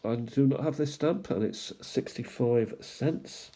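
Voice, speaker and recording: Man, slow talker, very dark mellow tone, casual show-and-tell, musing asides. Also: mid-range voice. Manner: unhurried, musing aloud with little asides. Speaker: stamp collecting channel host.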